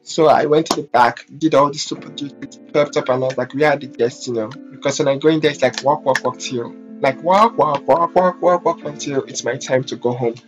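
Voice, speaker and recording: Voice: medium pitch, a little fast, hardly any pauses, lo-fi sound, music in the background. A vlogger telling a workplace story in a blunt, profane, exasperated way. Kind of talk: casual storytime rant.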